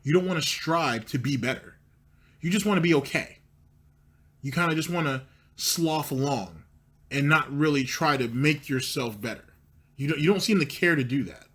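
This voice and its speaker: A man's voice: a little high, lively intonation, moderate pace, a bit bright. Sarcastic, mocking male commentary host. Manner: mocking, profane, needling.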